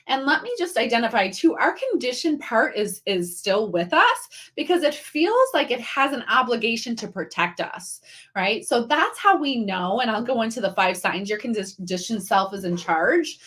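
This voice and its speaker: A woman's voice: fairly high pitch, sing-song, normal speed, husky. Middle-aged woman doing a live coaching stream, chatty, lots of ums and restarts, says hi to viewers. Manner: warm, conversational, many fillers and restarts, greets viewers by name. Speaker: coach running a live online training. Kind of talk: live-streamed teaching talk.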